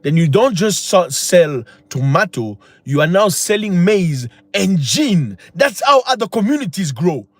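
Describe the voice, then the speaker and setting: A man's voice: high voice, big pitch swings, a little slow, few pauses, no echo. A man hosting a livestream, talking in an impassioned, preachy way with many rhetorical questions. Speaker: channel host. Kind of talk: livestream talk.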